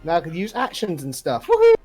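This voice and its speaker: Animated, joking player, swings widely in pitch. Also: moderate pace, faint music behind. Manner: lively, excitable, joking. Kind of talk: casual chat at a tabletop game.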